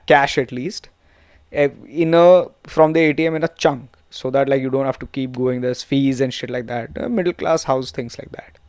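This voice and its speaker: A man's voice: mid-range voice, a little mellow, dry recording, studio quality. Profane rambling man with an Indian accent. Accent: Indian English. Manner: profane, rambling, switches into Hindi and Gujarati. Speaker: podcast host. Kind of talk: casual storytelling monologue.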